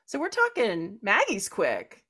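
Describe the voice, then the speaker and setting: A woman's voice: medium pitch, wildly swooping pitch, measured pace, pushed and bright. A woman co-hosting a podcast in casual chat, acting out scenes with playful quoted voices and sound effects. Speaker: podcast co-host.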